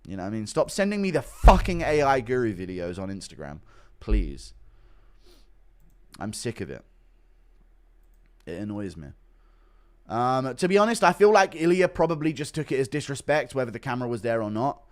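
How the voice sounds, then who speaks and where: A man's voice: medium pitch, very animated, moderate pace, long pauses. Blunt, rambling male streamer. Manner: blunt, swears often, rambling with many fillers. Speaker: streamer reacting to MMA news. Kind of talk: casual livestream commentary reading donations.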